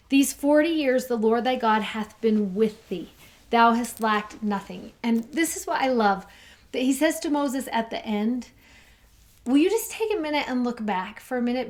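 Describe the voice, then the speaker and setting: Woman talking scripture on a podcast, a bit higher voice, excited, slows way down for the verses. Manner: enthusiastic, reads verses slowly and warmly. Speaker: co-host of a scripture study podcast. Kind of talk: casual scripture discussion.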